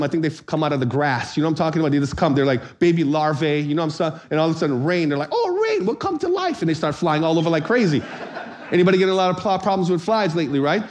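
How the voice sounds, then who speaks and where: High-voiced animated male preacher. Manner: animated storyteller, acts out voices, shouts for comic effect. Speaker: pastor. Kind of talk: sermon with storytelling.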